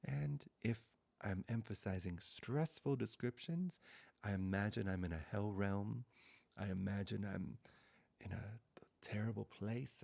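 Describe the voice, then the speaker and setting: Slow, gravelly, half-whispering man. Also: fairly low pitch. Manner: slow, soft, half-whispered with long pauses. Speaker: spiritual teacher. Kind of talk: satsang talk.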